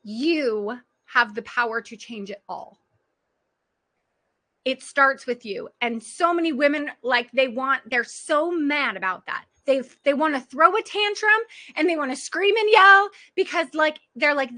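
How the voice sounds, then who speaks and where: A woman's voice: high voice, expressive, a little slow, bright, forceful tone. A woman coach giving an earnest motivational talk on a group call, speaking straight to her listeners and laughing often. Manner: earnest, direct address to listeners, frequent laughter. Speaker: parenting and life coach.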